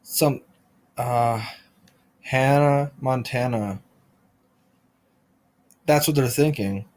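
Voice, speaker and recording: A man hosting a podcast, delivering a rambling deadpan comic monologue full of restarts and absurd tangents. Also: medium pitch, extremely slow. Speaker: podcast host.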